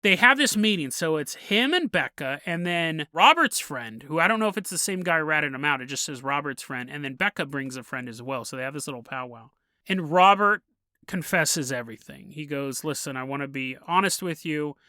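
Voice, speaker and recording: A man's voice: a little high, lively intonation, normal speed, bright, forceful tone, no room sound, clean studio sound. A man hosting a podcast, telling a story casually, often laughing and acting out the people in it. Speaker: podcast host.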